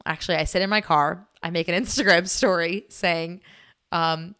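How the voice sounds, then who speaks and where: A woman's voice: fairly low pitch, normal speed, clear, resonant tone. Chatty young woman podcast host. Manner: chatty, animated, laughs often, many "like" fillers. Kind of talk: casual storytelling chat.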